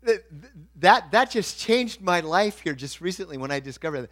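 A middle-aged male pastor preaching a sermon, swinging from quiet asides to loud, emphatic points. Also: high-pitched, lively intonation, moderate pace, few pauses.

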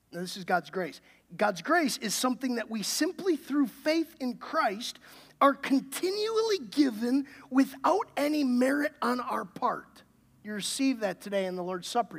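A man's voice: high voice, fairly bright tone. A man, the pastor, preaching a sermon in a conversational way and building to emphatic questions.

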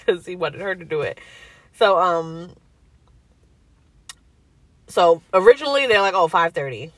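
A woman's voice: on the low side, a little slow, pauses often, no echo. A young woman telling a personal story in casual chat, acting out the voices of the people she quotes. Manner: animated, acts out quoted voices.

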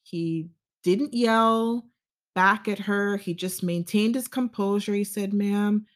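A woman vlogger telling a story to camera in a casual, measured way, with frequent fillers and self-corrections. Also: medium pitch.

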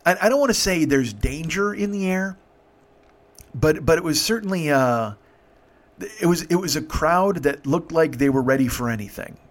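A man in his fifties telling a story casually, swearing freely and stopping to restart his sentences. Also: a little high. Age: 50s. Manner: profane, halting, animated. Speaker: podcast host.

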